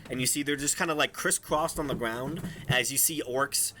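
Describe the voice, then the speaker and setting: A man's voice: mid-range voice, normal speed, pushed and bright, a little hiss or hum. A man narrating as game master in a casual, hesitant way with many ums.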